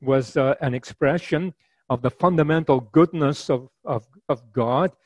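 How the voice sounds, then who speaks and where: A man preaching a sermon in a measured, conversational way, with many fillers and restarts. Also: medium pitch, a little mellow, no room sound, low-quality recording.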